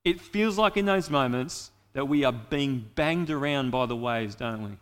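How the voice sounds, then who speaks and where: A man's voice: medium pitch, lively intonation, unhurried, fairly bright tone, big-room sound. A man preaching a sermon in an earnest way, speaking directly to his listeners.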